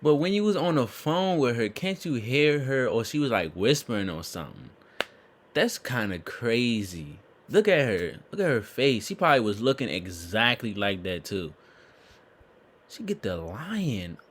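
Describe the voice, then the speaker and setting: A man's voice: medium pitch, moderate pace. A man hosting a reaction video, giving casual, slangy, incredulous comments. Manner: animated, slangy, incredulous asides.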